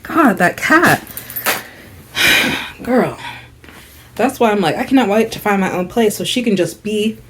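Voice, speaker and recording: A young woman vlogger telling a story in casual chat, animated and dramatic, with lots of "like". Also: medium pitch, normal speed, pauses often, husky. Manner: chatty, full of "like", dramatic retelling.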